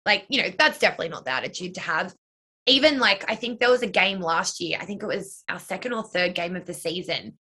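Chatty young woman with a bright voice. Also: fairly low pitch, expressive, fast talker, husky. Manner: chatty, lots of "like" and "you know". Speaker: dance and cheer coach, choreographer. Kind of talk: casual interview answers.

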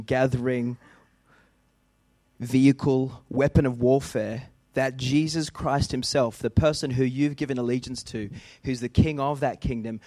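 Australian pastor preaching emphatically. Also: male voice, medium pitch, darkish tone, no room sound. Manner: emphatic, building lists for effect. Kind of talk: sermon.

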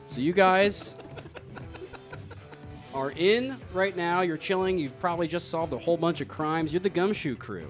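A man running a comedic tabletop game as game master, casual and halting, often laughing. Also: a little high, lively intonation, faint music behind.

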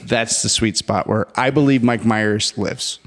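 A man's voice: fairly low pitch, a little slow. A man in his forties co-hosting a podcast, chatting casually and acting out movie scenes as he retells them. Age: 40s. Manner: animated storyteller, acts out movie scenes. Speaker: podcast co-host. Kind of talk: casual chat. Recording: long hall reverb.

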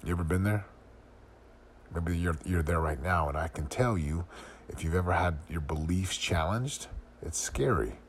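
A middle-aged podcast host with a very low voice works through a personal reflection at a moderate pace. He sounds earnest and confessional, asking one searching question after another, while a faint room hum lingers in the background.

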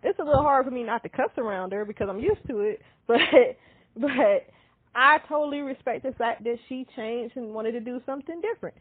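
A woman's voice: a little high, brisk, slightly rough. Candid woman in her thirties, phone-like sound. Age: 30s. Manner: candid, animated storytelling, laughs often. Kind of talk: casual chat. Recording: dry, tinny phone-like sound.

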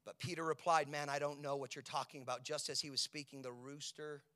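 A male preacher delivers a sermon in a bright, forceful voice that sits a little high for a man. He keeps asking his listeners questions. He falls to hushed whispers, then builds to shouted peaks. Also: level tone, brisk. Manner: swings from hushed whispers to loud, shouted climaxes; asks the congregation rhetorical questions.

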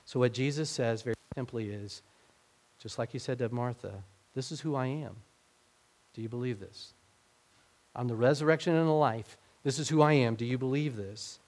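A man's voice: medium pitch, moderate pace, a little mellow. Conversational man preaching a sermon. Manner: conversational, acts out quoted speech with rising emphasis. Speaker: pastor.

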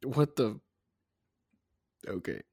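A young man co-hosting a casual podcast, amused and teasing, quick to laugh. His voice is gravelly with a lot of fry. The recording is very dry, with no room sound at all. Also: mid-range voice, sing-song, mellow, no room sound. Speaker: podcast co-host. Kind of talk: casual chat.

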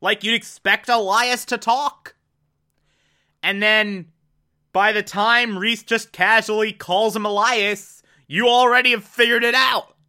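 A man's voice: high voice, steady tone, takes it slowly, sharp tone, clear, resonant tone. A man giving an enthusiastic, casual recap and review of a TV episode, with sudden asides and the odd swear.

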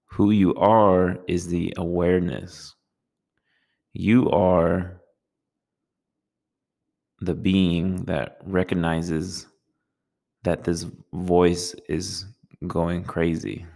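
A man giving a calm, measured talk on meditation, speaking in a slow and soothing way. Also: low-pitched, creaky. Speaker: meditation teacher.

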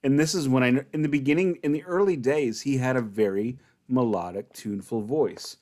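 A man's voice: mid-range voice, brisk, darkish tone. A man co-hosting a podcast in casual chat, enthusiastic and wry, often restarting his sentences. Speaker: podcast co-host.

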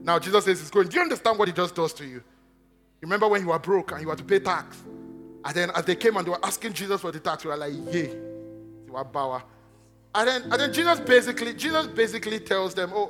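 A male preacher with a high, bright voice delivers an animated sermon. He swings between loud exclaiming and hushed asides and acts out quoted voices. Soft guitar plays faintly underneath. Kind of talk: lively sermon.

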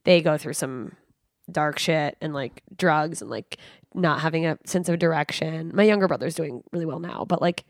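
A woman's voice: low voice, moderate pace, dry recording, clean studio sound. Blunt, profane young woman on a podcast. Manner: blunt, profane, lively storytelling. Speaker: comedian guest. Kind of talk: candid podcast chat.

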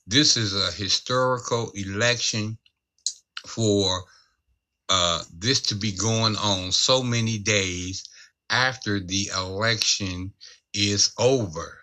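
A man co-hosts a casual commentary podcast and speaks to his audience as ladies and gentlemen. His voice sits low but has a sharp, bright edge. He wanders off on side remarks before coming back to the main point. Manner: addresses listeners as ladies and gentlemen, digressive. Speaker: podcast co-host.

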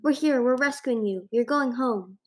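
A woman's voice: high voice, normal speed, pitched above the performer's own voice. A woman voicing an anxious, earnest young male dragon who calls out urgently.

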